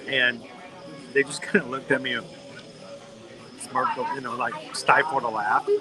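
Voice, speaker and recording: A man's voice: medium pitch, unhurried, music in the background, low-quality recording. Middle-aged man telling a silly story. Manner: animated, playful anecdote-telling. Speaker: live-stream host. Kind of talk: casual storytelling on a live stream. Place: outdoors in a busy theme park. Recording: busy crowd noise behind. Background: crowd, park sounds.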